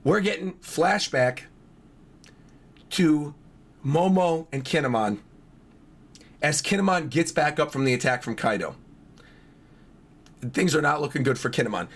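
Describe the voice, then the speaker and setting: A man streaming a live reaction to a new manga chapter, his voice hoarse and worn, chatting excitedly to his viewers as he reads along and thinks aloud. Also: a little high, a little slow, long pauses. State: hoarse from yelling the night before.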